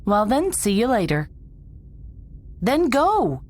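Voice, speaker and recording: Pleading radio operator. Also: female voice, a little high, big pitch swings, slow pace, a little mellow, full character voice. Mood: tense. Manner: urgent, pleading. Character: determined woman radio operator. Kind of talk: video game voice acting.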